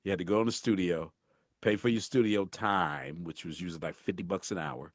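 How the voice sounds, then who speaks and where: Deep-voiced middle-aged man telling stories. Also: fairly quick, no room sound, studio quality. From St. Louis, USA. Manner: animated, acts out voices in anecdotes. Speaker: guest voice actor. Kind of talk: casual storytelling interview.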